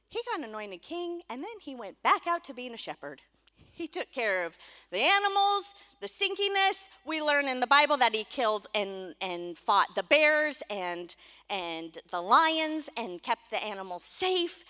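A woman pastor giving a sermon in a church, telling stories in a playful, animated way with quick asides. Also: a little high, in a large hall. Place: church sanctuary.

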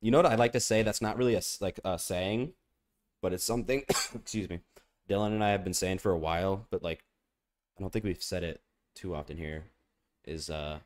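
A man's voice: deep voice, a little fast, pauses often. A man streaming a video game, chatting in a playful, rambling way and coughing now and then. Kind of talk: casual gaming stream chat.

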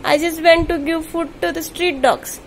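A woman's voice: extremely high pitch, steady tone, normal speed, a little hiss or hum. A woman talks at home to her pet dog and to her viewers. She scolds and coaxes the dog playfully. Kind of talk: casual talk to a pet and viewers. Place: at home indoors.

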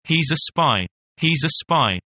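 A man's voice: fairly high pitch, animated, slow pace, bright, forceful tone, no room sound, heavily acted. A man reading as rowdy jeering frontier soldiers. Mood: agitated.

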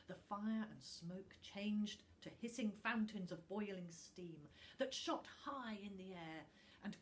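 A woman reading a children's storybook aloud slowly and expressively. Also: medium pitch, slight background noise. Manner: slow and expressive.

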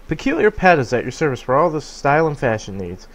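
A man's voice: on the high side, very animated. A man doing a cocky, trendy duck creature. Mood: teasing. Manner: fast, smug teasing with cackling laugh. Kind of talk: fan voice reading of game dialogue.

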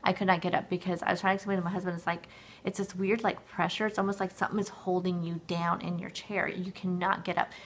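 Woman, 40s, vlogger: low gravelly voice, dry-throated, rambling and full of fillers and restarts. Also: flat delivery, fast, a little hiss or hum. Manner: rambling, filler-heavy storytelling with many restarts. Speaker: weight-loss vlogger. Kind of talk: casual chat to camera. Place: at her desk at home.

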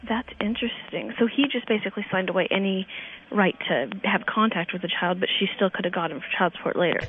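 A woman's voice: mid-range voice, fast, slightly rough. A woman calling in to a radio show, talking in a chatty, candid, gossipy way. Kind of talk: phone-in conversation. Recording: dull lo-fi phone line with faint hiss.

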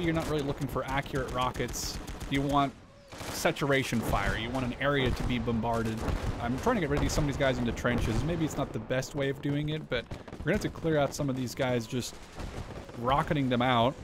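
A man commentating on a strategy game as he plays, chatty and thinking aloud, with quick startled exclamations. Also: medium pitch, noisy background. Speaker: gameplay commentator. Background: gunfire and artillery from the game.

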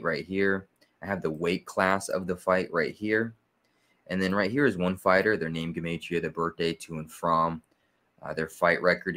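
A deep-voiced man hosts his own sports picks channel, walking through his figures step by step in a casual explanatory video. He's steady and methodical, with frequent fillers.

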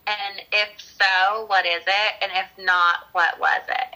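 A woman co-hosts a casual livestream with a very bright, sharp voice. She answers briefly and asks the viewers questions. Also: medium pitch, level tone, measured pace, few pauses, poor audio. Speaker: co-host.

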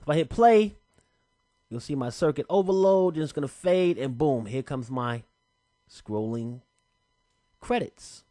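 A man with a fairly high voice walks through a software tutorial in a relaxed, chatty way, tossing in casual slang as he goes. The sound is dry and close, with no room around it. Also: moderate pace, no room sound. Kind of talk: casual screen-recorded tutorial.

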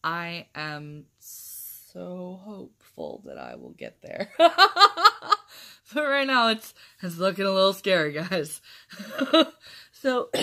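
A young woman with a low voice chats casually to her camera. She rambles, fills her sentences with ums and likes, and laughs often as she talks. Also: very animated, slow, vocal fry, pauses often. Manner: chatty, rambling, laughs often, lots of fillers. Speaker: vlogger.

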